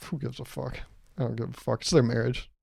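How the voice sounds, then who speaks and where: A man's voice: medium pitch, fairly even intonation, a little fast, gravelly, a little mellow, breathy edge, no room sound, studio quality. A man hosting his own podcast, delivering a casual, profane comedic rant with exasperated swings. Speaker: podcast host.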